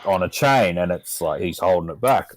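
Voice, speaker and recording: Laughing Australian bloke telling a story. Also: male voice, low voice, animated, moderate pace, dry recording. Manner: laughing, swears constantly, loose rambling delivery. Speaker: podcast co-host. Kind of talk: casual storytelling chat. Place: podcast recording room.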